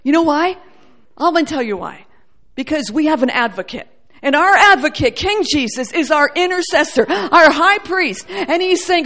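A woman teaching a sermon in a church setting, animated and playful, acting out quoted voices as she goes. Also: high voice, moderate pace. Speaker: Bible teacher.

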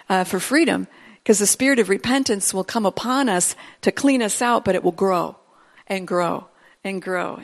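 Higher-voiced woman preaching, chatty, acts out little inner voices, big echoey hall. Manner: conversational, acts out inner voices, repeats phrases. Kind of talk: sermon. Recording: long hall reverb.

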